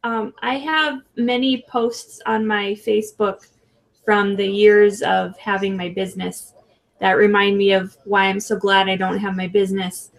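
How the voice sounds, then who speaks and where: A woman with a gravelly, fry-laden voice chats on a podcast. She talks hesitantly and casually, circling back and restarting her sentences. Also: mid-range voice. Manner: hesitant, many restarts and fillers. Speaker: podcast co-host. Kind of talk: casual chat.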